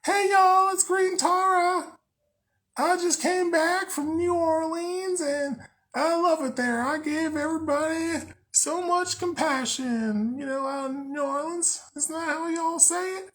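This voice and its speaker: A man voicing a cheerful, compassionate female goddess in a high falsetto with a put-on Southern accent. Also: a little slow, fairly bright tone. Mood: folksy, cheerful. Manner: high falsetto, drawling and friendly.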